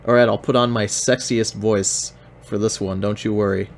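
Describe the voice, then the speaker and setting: A man's voice: fairly low pitch, fairly even intonation, moderate pace, creaky, slight background noise. A man hosting a stream, giving casual, jokey commentary over videos. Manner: wry and jokey. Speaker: stream host.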